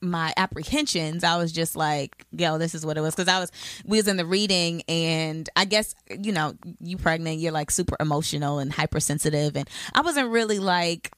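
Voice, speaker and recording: A woman's voice: low-pitched, normal speed, a bit bright, no echo, clean studio sound. A woman co-hosting a podcast, talking loosely and candidly with lots of fillers and some swearing. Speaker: podcast co-host. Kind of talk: casual chat.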